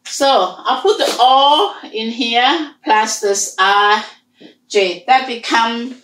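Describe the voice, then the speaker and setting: Woman teacher, first language Hmong, patient drills, very slow, roomy echo. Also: fairly high pitch, animated, a bit bright. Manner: patient, repeats and drills sounds slowly. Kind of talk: online language lesson.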